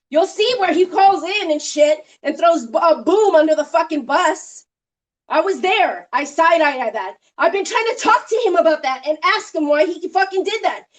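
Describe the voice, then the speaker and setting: A woman with a notably high voice delivers a heated, profanity-laced rant on her live stream. She talks in rapid bursts of complaint, calling out a rival with no pause for calm. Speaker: livestream host.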